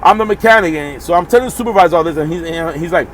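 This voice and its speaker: A man, a truck driver, telling a story fast and casually in a heated, profane way, recorded outdoors at a truck stop. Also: fairly high pitch, slight background noise.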